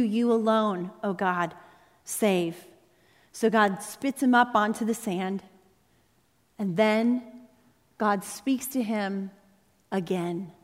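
Woman preacher, impassioned sermon, dramatic delivery, slightly high voice, church sanctuary. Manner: impassioned, dramatic, rising and falling intensity. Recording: long reverb in a large hall.

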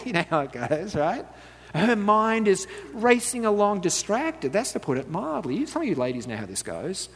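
A preacher with a high-sitting, slightly rough voice gives a relaxed, conversational sermon, mixing stories with light asides and frequent chuckles. He keeps drawing the audience in with quick questions like "right?" A long reverb suggests a large church hall.

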